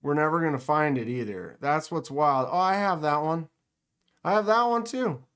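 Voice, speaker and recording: A man's voice: on the high side, lively intonation, normal speed, fairly bright tone, smooth. A man hosting a live stream, chatting casually with viewers in a joking, sarcastic way. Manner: joking, sarcastic, talks to chat. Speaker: livestream host. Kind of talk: casual livestream chat.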